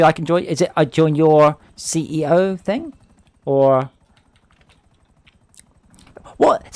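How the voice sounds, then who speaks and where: A man's voice: fairly high pitch, a little mellow. A man streaming a video game with friends, chatting casually in a rambling, sweary way and often breaking off mid-sentence. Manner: rambling, sweary, self-interrupting. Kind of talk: casual gaming chat.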